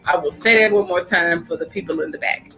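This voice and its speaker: A woman's voice: lowish voice, brisk, creaky, a bit bright, faint music behind, low-quality recording. A woman hosting a casual podcast, talking emphatically and repeating her points for stress. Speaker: podcast host.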